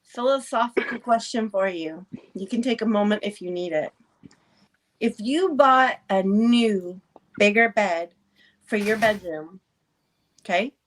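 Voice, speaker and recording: A woman hosting a podcast in casual chat, playful and laughing often as she quizzes her guest. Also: medium pitch. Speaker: podcast host.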